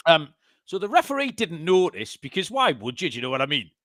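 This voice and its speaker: A man's voice: a little high, huge pitch swings, brisk, fairly bright tone, no room sound, studio quality. A man co-hosting a betting podcast in casual chat, joking and swearing. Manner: swears, laughs often, jokey. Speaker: podcast co-host.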